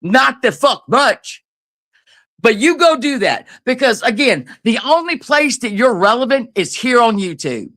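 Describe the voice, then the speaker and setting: A woman's voice: a little high, big pitch swings, normal speed, few pauses, a bit bright. A woman ranting angrily on a livestream as a guest, profane, confrontational and taunting. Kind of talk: angry livestream rant.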